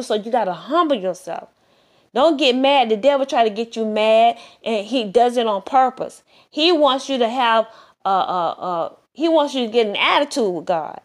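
Woman preacher with a slightly high voice, delivering an earnest, repetitive sermon. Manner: earnest, repetitive exhortation with many restarts.

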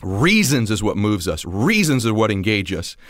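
A man in his forties giving a motivational talk, telling stories and acting out the dialogue, at times rising almost to a shout. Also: lowish voice, sing-song, moderate pace, no room sound, studio quality. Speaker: motivational speaker.

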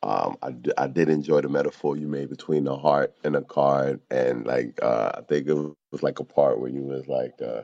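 A man co-hosting a podcast, giving a hesitant critique of a poem with many pauses. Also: extremely low pitch, gravelly, mellow, no room sound, lo-fi sound. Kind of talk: casual critique.

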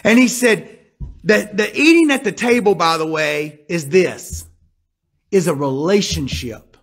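A man with a notably high voice delivers a sermon, telling a personal story before turning to scripture. He drops into hushed tones and then climbs back up with emphatic, rising delivery. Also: expressive, a little slow. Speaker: preacher.

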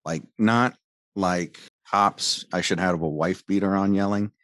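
Male, former medic, bass voice, heated profane storyteller, dry mic. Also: unhurried, fairly bright tone, dry recording. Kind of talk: angry personal account.

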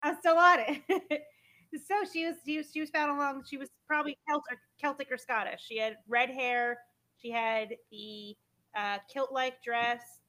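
Female co-host, slightly high voice, eager explainer, casual swearing. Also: normal speed, bright, forceful tone, rough recording. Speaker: podcast co-host. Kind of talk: casual chat.

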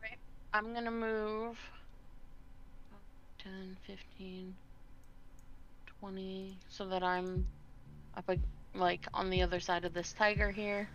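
A woman playing in a tabletop game, slowly and hesitantly describing her character's actions. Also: medium pitch, level tone, a bit bright, a little hiss or hum. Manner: slow, hesitant. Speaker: player. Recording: dull sound with music.

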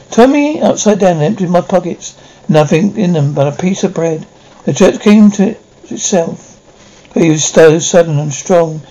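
A man reading a classic novel aloud, halting now and then to restart a word. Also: on the high side, mellow, poor audio. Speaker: audiobook reader.

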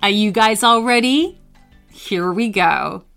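Lady reading a kids story, slow and bright, faint music underneath. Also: mid-range voice, vocal fry. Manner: animated, warm storyteller. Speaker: storyteller host. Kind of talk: scripted narration.

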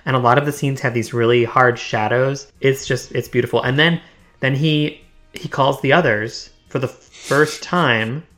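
A man in a relaxed podcast chat, speaking with a mid-range voice. He describes scenes eagerly, often restarting his sentences. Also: mid-range voice, normal speed, soft background music. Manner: enthusiastic, descriptive, frequent restarts. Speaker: podcast guest. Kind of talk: casual chat.

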